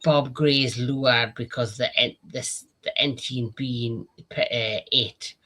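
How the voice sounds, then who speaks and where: Bright-voiced man retelling a show. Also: medium pitch, husky. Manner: retells scenes eagerly, with false starts and casual swearing. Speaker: TV review show host. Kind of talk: casual review chat.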